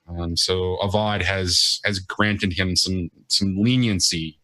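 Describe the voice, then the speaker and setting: A man narrating as game master in a tabletop game, halting and full of fillers. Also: low-pitched, steady tone, bright, forceful tone.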